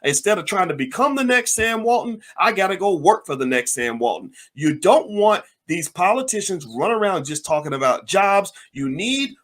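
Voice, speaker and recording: A man's voice: high voice, lively intonation, moderate pace, few pauses, fairly bright tone. A man giving impassioned political commentary, firing off angry rhetorical questions.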